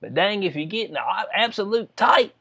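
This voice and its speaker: Give me a chatty man with a higher voice, laughing as he riffs on the news. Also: lively intonation, moderate pace, bright, forceful tone. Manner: reads news aloud, then jokes and riffs with frequent laughs. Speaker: commentary vlogger. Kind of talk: casual reaction commentary on a news story.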